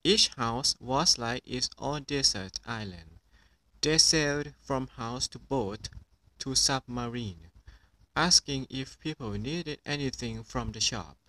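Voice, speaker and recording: A man reading a children's picture book aloud in an even storytelling voice. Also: medium pitch, slow, poor audio. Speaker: storybook reader.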